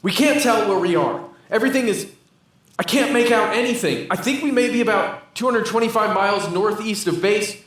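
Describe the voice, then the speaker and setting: A man's voice: sits high, fairly quick, a bit bright, pitched above the performer's own voice. A man playing a frightened male pilot lost over the sea, reading urgently in a live comedic reenactment. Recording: roomy live venue.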